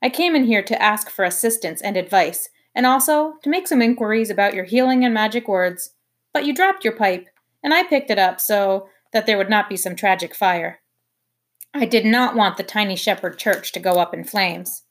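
A woman's voice: medium pitch, animated, normal speed, natural voice. A woman voicing an earnest, formal young girl who talks in stiff, proper wording. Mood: prim, indignant.

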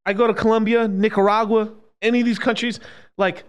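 A man ranting casually on a stream, profane and animated, swinging between loud outbursts and low mutters. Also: a little fast, slight background noise.

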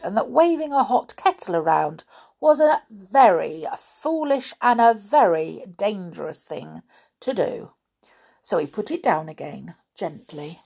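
An expressive woman reading a children's story. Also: lowish voice, gravelly, husky. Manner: expressive, chatting to young listeners.

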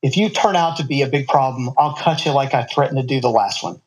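A man's voice: mid-range voice, fast talker, close to an everyday voice, poor audio. A man voicing a tough, hard-drinking young woman student who answers curtly and snaps at people. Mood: snappish. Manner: curt, snappish.

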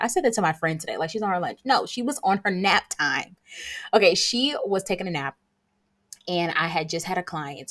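A young woman hosting a casual solo podcast, talking fast and excitably with playful sarcasm. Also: on the low side. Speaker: podcast host.

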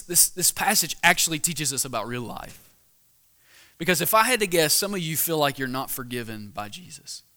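A man's voice: fairly high pitch, pushed and bright. A young man preaching a weekly sermon in a casual, conversational way, asking the crowd questions and often restarting his sentences. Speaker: pastor.

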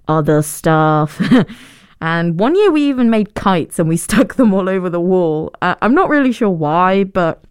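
A young woman hosts a podcast, telling stories in a casual monologue that's chatty, self-deprecating, and full of laughs. Her voice is lowish, a little mellow, and clean, recorded with clean studio sound and no room sound.

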